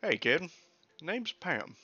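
A man putting on the voice of a gruff older woman, a drinker, in a slow Southern drawl, on a lo-fi mic. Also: a little high, sing-song, bright, forceful tone, pitched above the performer's own voice, full character voice. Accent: American Southern. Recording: lo-fi old mic.

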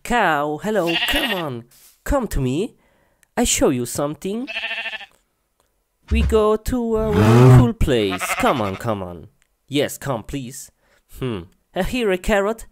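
A woman's voice: low voice, big pitch swings, slow, pauses often, slight background noise, heavily acted. A woman playing an animal doctor who speaks broken English and coaxes a cow in a comic skit. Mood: coaxing. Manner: broken English, coaxing and sing-song.

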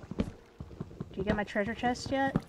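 A woman's voice: fairly high pitch, measured pace, very noisy. A woman casually commenting on her own gameplay, chatting to herself and the game and slipping into whispers. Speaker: gaming video host. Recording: loud background music.

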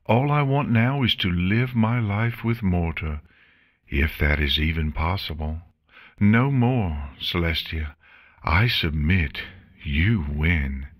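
A man's voice: low-pitched, takes it slowly. A man voicing a proud but distraught female changeling queen in an audiobook, with tearful, self-reproaching outbursts. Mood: weary. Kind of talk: audiobook character voice.

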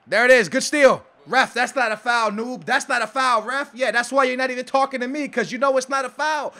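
A young man giving live, excitable gameplay commentary, trash-talking and yelling at the game. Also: very high voice, a little fast, hardly any pauses. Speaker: gaming YouTuber.

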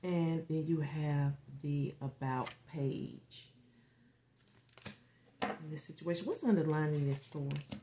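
Low-voiced woman giving a rambling tarot forecast. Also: slow, long pauses, noisy background. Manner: rambling, animated, swears freely, acts out quoted reactions. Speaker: tarot reader.

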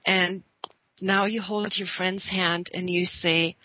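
Bright-voiced woman telling an earnest story. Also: on the low side, flat delivery, slow pace, poor audio. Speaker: radio guest. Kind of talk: storytelling on a talk show.

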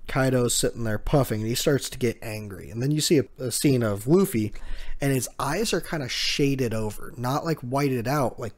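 A man's voice: medium pitch, normal speed. A man hosting a casual manga chapter recap, talking in a hesitant way with many fillers while he reads out quotes. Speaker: manga chapter reaction host.

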